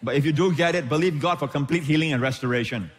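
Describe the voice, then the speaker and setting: A man's voice: fairly high pitch, quick pace, big-room sound, faint music behind. A man preaching a sermon as pastor, calling for amens and explaining Hebrew words.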